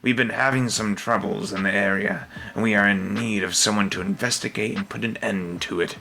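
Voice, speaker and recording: A man's voice: on the low side, fairly even intonation, fairly quick, gravelly, pushed and bright, a little hiss or hum. A man voicing a polite, nervous male butler, speaking formally in a tabletop game. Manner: formal, courteous.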